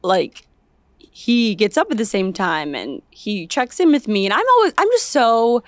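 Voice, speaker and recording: A young woman co-hosting a casual chat podcast, telling a story in an animated way and acting out her quoted lines. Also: mid-range voice, a little slow, no echo. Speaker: podcast co-host.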